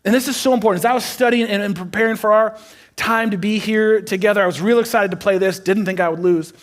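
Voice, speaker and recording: A man preaching a sermon to a church congregation, energetic and repeating phrases for emphasis, sometimes rising to near-shouts. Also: high-pitched, fast. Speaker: pastor. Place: church auditorium before a congregation.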